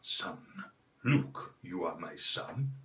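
A menacing male space villain , as a man puts him on, rumbles in a voice pushed low and heavy. Every word comes out slow and deliberate, for a comic impression. The tone has a bright, forceful edge despite the depth. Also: big pitch swings, recorded from a distance, heavily acted.

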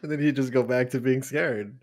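A man's voice: medium pitch, fairly even intonation, fairly quick. A young man co-hosting a casual podcast chat, joking crudely and laughing a lot. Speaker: podcast co-host.

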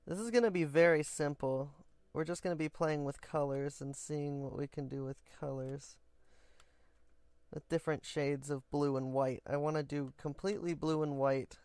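A man's voice: fairly high pitch, fairly even intonation, normal speed, darkish tone, smooth, no room sound. A man hosting his own building game video, talking casually and goofily to viewers with rambling asides. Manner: chatty and goofy, rambling asides. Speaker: game building vlogger, host. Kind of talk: casual gameplay commentary.

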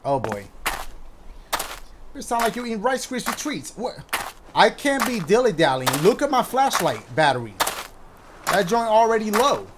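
Loud excitable man gaming. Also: sits high, normal speed, long pauses, heavy background noise. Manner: loud, excitable, shouting reactions and running jokes. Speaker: gaming YouTuber. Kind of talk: horror game let's play commentary. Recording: music playing behind the voice.

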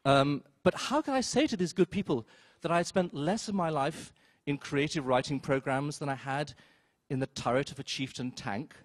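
A man telling a story on stage at a live event, wry and self-mocking, with quick asides and acted-out quotes. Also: fairly high pitch, no room sound. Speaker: storyteller, film critic. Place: theater stage before an audience.

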